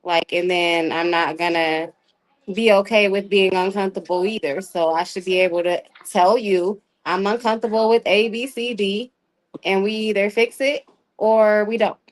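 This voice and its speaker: A woman's voice: mid-range voice, fairly even intonation, normal speed, rough recording. A woman takes part in a casual panel discussion. She gives her views in a plain, conversational way. She speaks over an online call. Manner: straightforward, conversational opinions.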